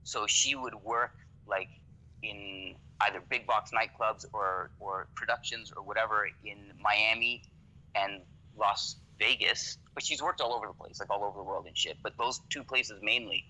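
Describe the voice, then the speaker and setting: Bright-voiced man in loose, swearing chat. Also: on the low side, moderate pace, poor audio. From Canada. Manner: relaxed, swears freely, keeps asking "you know what I mean". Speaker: podcast guest. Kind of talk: casual conversation.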